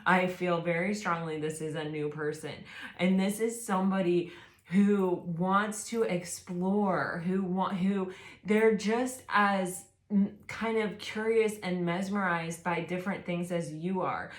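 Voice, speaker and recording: A woman giving a casual tarot reading to her viewers, gushing and excitable, full of fillers and exclamations. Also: lowish voice, a little slow, echoey room. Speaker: tarot reader.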